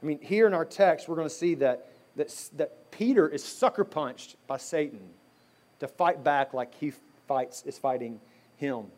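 A man's voice: on the high side, normal speed, a little mellow. A middle-aged man preaching a sermon as pastor, talking in a conversational way with asides and restarts.

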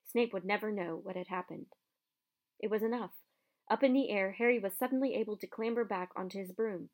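A woman narrating a children's novel aloud in a steady, even storytelling voice. Her pitch sits in the middle range for a woman. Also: fairly quick. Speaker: audiobook reader.

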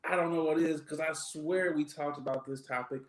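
A man's voice: on the high side, fairly even intonation. A man co-hosting a podcast, joking loosely in casual banter and stretching his words out. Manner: loose, joking, drawn-out delivery. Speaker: podcast co-host. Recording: echoey room.

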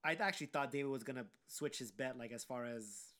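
A man co-hosting a casual chat show, thinking aloud in halting, roundabout sentences. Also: medium pitch, crowd noise. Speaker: podcast co-host.

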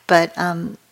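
A woman meditation teacher gives a dharma talk at a retreat, her voice sitting a little low. She speaks slowly and calmly, with a measured and reflective delivery.

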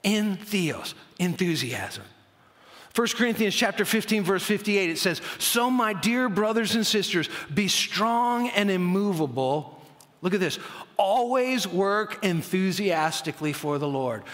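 High-voiced energetic male preacher. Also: unhurried. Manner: energetic, stammering restarts, animated. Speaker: pastor. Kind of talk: sermon. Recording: long hall reverb.

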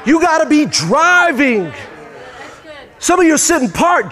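A male pastor delivers a sermon, swinging into emphatic, rising bursts. His voice sits unusually high. A long hall reverb trails behind every phrase. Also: very animated, a little slow, pauses often, sharp tone.

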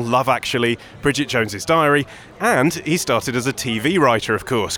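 Un animateur de podcast présente la séquence suivante d'après un texte écrit, d'un ton vif et légèrement blagueur. Sa voix est de hauteur moyenne. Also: male voice, mid-range voice, a bit bright. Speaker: podcast host. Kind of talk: scripted presenting.

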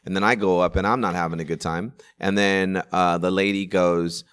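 A man who works as a stand-up comedian, telling a story in casual chat, animated and full of restarts. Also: low-pitched, normal speed, clear, resonant tone. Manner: animated, acts out quoted voices, many restarts and laughs.

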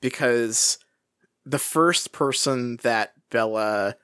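A man's voice: slow pace, smooth, no room sound. Hesitant man chatting in a dry room. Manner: hesitant, many restarts, animated pitch swings. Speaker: podcast co-host. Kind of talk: casual book discussion.

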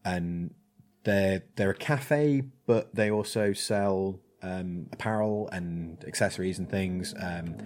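A man's voice: sits low, slow, a little mellow. A man, a blacksmith chatting casually and rambling with many ums and restarts. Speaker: blacksmith, guest. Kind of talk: casual chat.

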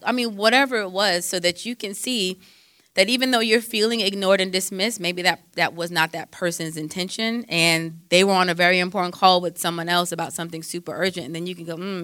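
A woman's voice: on the low side, pushed and bright, dry recording, studio quality. A woman counselor giving faith-based advice in a conversational way, quoting scripture and using frequent fillers.

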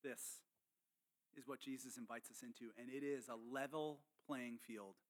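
A man's voice: mid-range voice, fairly even intonation, moderate pace. A man pastor preaching a sermon in an earnest, emphatic teaching manner.

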